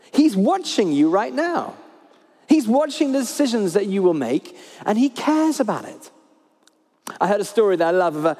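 A man preaching a sermon, speaking with lively emphasis and repeating his key phrases. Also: high-pitched, in a large hall. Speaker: pastor. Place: church hall.

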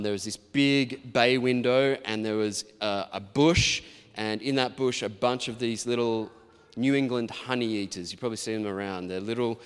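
A man's voice: lowish voice, clean tone. A man in his forties, a pastor giving a sermon in a chatty, anecdotal storytelling manner. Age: 40s. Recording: long reverb of a large hall.

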